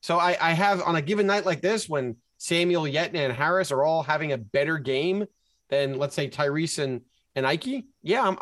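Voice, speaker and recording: Male podcast co-host, slightly high-pitched, dry sound; animated fan breaking down plays. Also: no room sound. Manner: animated, plays out game sequences. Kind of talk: casual sports chat.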